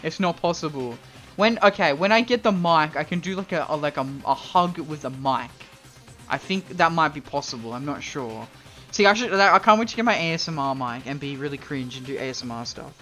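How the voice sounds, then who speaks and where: A young man chats loosely while streaming a game, rambling and joking with plenty of fillers. His voice sits a little high, with soft game music behind him. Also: animated, a little fast. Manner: rambling, playful, with lots of fillers and swearing. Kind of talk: casual live gameplay commentary.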